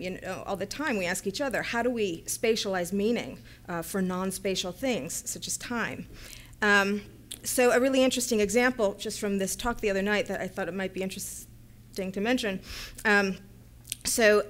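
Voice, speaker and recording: A woman art professor giving a conference talk in a lecture hall, speaking quickly and hesitantly with many filler words. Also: medium pitch, fairly bright tone.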